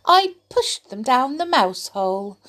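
A woman's voice: huge pitch swings, slow, darkish tone, exaggerated voice. A woman putting on a cheeky, haughty girl doll. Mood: smug. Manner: haughty, high and affected. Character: cheeky naughty girl doll, rude and sulky.

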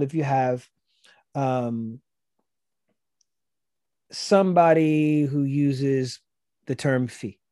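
A man from South Carolina with a Gullah Geechee accent appears as a guest, explaining his language in a loose, chatty way. His voice is fairly high and mellow, he restarts often and repeats himself, and he acts out quoted voices. The recording is dry, with clean studio sound.

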